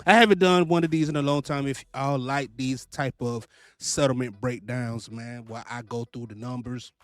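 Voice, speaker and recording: A man, giving animated money advice to fellow truck drivers in a casual vlog. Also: mid-range voice, dry recording. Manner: animated, repetitive, preachy, swears freely. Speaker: trucking vlogger, lease purchase owner-operator.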